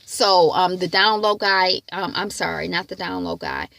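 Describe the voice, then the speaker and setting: A woman's voice: lowish voice, very animated, normal speed, vocal fry, sharp tone, slight background noise. A woman chatting casually through a TV episode recap from home, rambling with lots of fillers and now and then acting out the characters' lines. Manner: acts out characters' lines in quotes. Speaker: TV recap vlogger.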